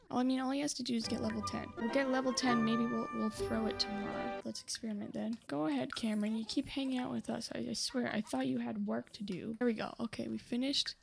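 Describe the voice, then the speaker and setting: A woman's voice: a little high, gravelly. A young woman hosting a gaming channel, chatting casually through her gameplay and talking to the characters on screen. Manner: chatty, talks to the game characters, scolds them.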